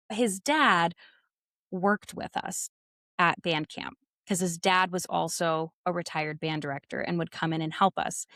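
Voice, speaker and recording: A young adult woman, an interview guest, telling a personal story in a lively way and acting out the dialogue she quotes. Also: lowish voice, no room sound, studio quality.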